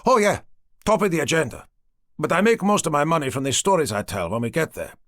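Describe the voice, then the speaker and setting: Casting: a man putting on a chirpy, high-pitched young hustler who sells tall tales to tourists, eager and lively. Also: fast talker, dry recording, studio quality. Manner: eager, chatty, salesman-like. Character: cheerful skinny young male fake-shaman showman.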